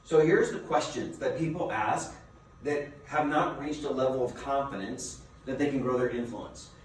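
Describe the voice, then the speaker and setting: A man giving a motivational seminar as a business coach, a lively storyteller who asks his listeners rhetorical questions. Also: mid-range voice, moderate pace. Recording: very echoey room, mic far off, faint noise.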